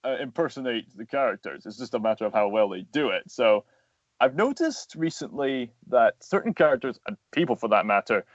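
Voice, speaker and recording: A man's voice: medium pitch, expressive, fairly quick, no room sound, highs cut off. A man, a voice actor and animator, talking as a guest in a casual interview, explaining earnestly at length with plenty of fillers.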